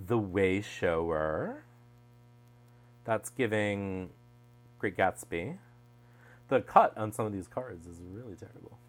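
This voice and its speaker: A man casually chatting through a deck unboxing, wry and digressive, often trailing off mid-thought. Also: low-pitched. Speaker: tarot deck reviewer. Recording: mains hum underneath.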